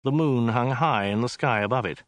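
A man's voice: mid-range voice, normal speed, no echo. A man narrating an audiobook in a dry, wry storytelling manner. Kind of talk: scripted narration.

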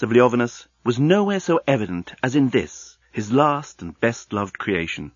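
Male audiobook narrator, husky and expressive; dry, slightly lo-fi. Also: moderate pace, hardly any pauses, dry recording. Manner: expressive storytelling with wide swings in pitch. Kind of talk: scripted narration.

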